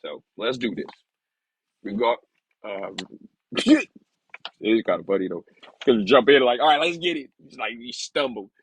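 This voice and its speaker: A man reading aloud slowly, sounding out hard words, then talking candidly and casually about his past. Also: fairly low pitch, big pitch swings, husky, poor audio. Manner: slow halting sounding-out of words, then candid rambling asides. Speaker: vlogger learning to read.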